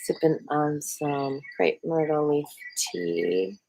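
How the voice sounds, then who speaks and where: Slow, low-voiced rambling woman teacher. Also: vocal fry, a little hiss or hum. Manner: rambling, relaxed, full of fillers. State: tired from staying up all night. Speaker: qigong teacher. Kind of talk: casual meditation talk. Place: outdoors among trees. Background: birds and rustling trees.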